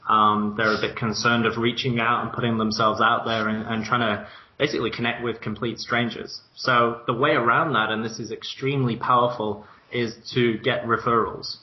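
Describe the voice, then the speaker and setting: A man's voice: mid-range voice, flat delivery, normal speed, muffled recording. A man co-hosting a podcast, explaining ideas in an enthusiastic, talkative way. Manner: enthusiastic, explanatory, laughs lightly. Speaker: co-host. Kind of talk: conversational business podcast.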